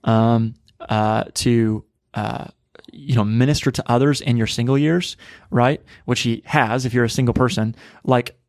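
A male pastor co-hosting a casual podcast talks through his ideas earnestly, pausing on fillers and restarts. His voice sits at an ordinary middle pitch, and it is recorded in a dry, close setting with little room sound. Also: fairly even intonation, a little mellow, no room sound. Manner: earnest, conversational, frequent fillers.

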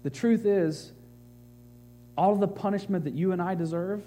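A man preaching a sermon as pastor, growing animated and emphatic as he reads scripture to the congregation. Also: sits high, normal speed, long pauses, a little hiss or hum. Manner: animated, rising to excited emphasis.

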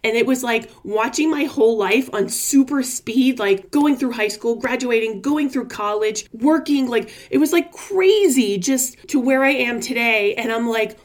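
A woman's voice: on the high side, a little slow, hardly any pauses. A woman in her forties sharing a personal story in a vlog, earnest and emotional, with lots of casual fillers. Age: 40s. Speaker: vlogger.

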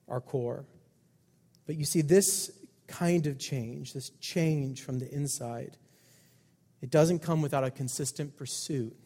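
A man preaching a sermon as pastor, emphatic, with loud stresses and quiet asides. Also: medium pitch. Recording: long hall reverb.

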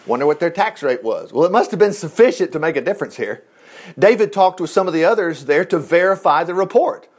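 A middle-aged man preaching, animated and chatty, acting out Bible characters in voices. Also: a little high, fairly quick. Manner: animated, acts out lines in character voices, chuckles. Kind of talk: sermon retelling a Bible story.

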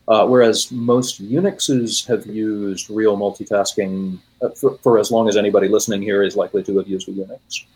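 A man in his late forties from the United States, guesting on a podcast, talks shop casually about computing in a lowish, slightly mellow, slightly rough voice. The recording is low quality, and he rambles with many fillers and self-corrections.

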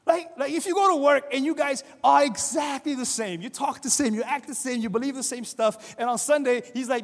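Middle-aged male pastor, high voice, lively conversational sermon, long hall reverb. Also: a little fast, few pauses. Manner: conversational, animated, acts out quoted voices.

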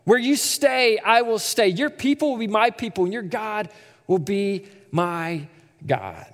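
A man's voice: sits high, lively intonation, unhurried, big-room sound. A man voicing a steadfast, devoted young widowed woman, pleading earnestly with emphatic repeats.

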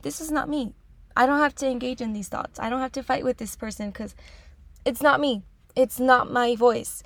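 A woman's voice: on the high side, dry recording. A woman in her twenties talking casually and earnestly to her viewers, coaching them, repeating phrases and often adding "right?". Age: 20s. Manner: repeats phrases with frequent tag questions. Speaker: self-help vlogger. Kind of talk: casual talk to camera.

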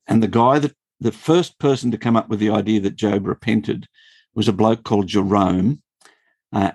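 A man, a former school principal, teaching the Bible in an animated, storytelling way, often chuckling. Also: lowish voice, slightly rough, dry recording. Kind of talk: explanatory Bible talk.

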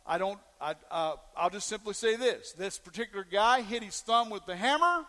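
A man's voice: high voice, lively intonation, normal speed, hardly any pauses, bright, forceful tone, big-room sound. A man preaching a sermon as pastor, telling folksy stories and asking the congregation questions.

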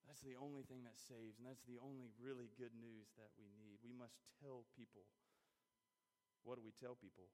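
A male preacher delivering an earnest sermon in a church, his voice ringing out with a long reverb tail across a large hall. His pitch sits in a middle range, neither deep nor high, and he swells into emphatic peaks as he presses his point. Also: little pitch movement, moderate pace, mellow. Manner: earnest, rising to emphatic peaks, tells personal stories. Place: church sanctuary.

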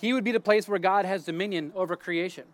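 Guy explaining bible stuff out in his garden, kinda high voice, chatty, keeps restarting and going "right?". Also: quick pace. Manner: conversational, restarts often, asks "right?". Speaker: teacher of a Bible talk. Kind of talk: casual spoken Bible teaching.

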